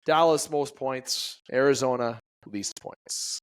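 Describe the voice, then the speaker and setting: A man's voice: medium pitch, takes it slowly, clear, resonant tone. A man from Canada co-hosting a casual sports podcast, rambling through picks and tripping over his words. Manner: rambling, trips over words, laughs at himself. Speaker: podcast co-host. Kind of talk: casual chat.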